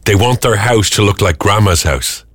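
Playful radio host, low dry voice. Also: male voice, expressive, moderate pace, a bit bright, no room sound. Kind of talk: morning radio chat.

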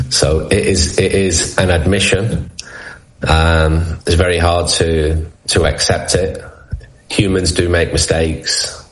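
A man speaking as a football journalist guest on a radio show, giving measured, deliberate analysis. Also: sits low, rough recording. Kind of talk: phone-in radio interview.

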